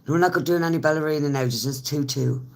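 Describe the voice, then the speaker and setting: A woman's voice: low voice, quick pace. An Irish woman and smoker chatting casually with viewers on a live stream, laughing often as she talks. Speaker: livestreamer.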